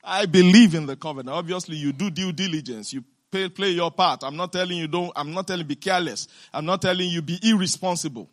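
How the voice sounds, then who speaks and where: A woman preacher delivering an emphatic sermon, asking the congregation question after question and breaking into shouts and laughter. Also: on the low side. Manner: asks the congregation rapid rhetorical questions.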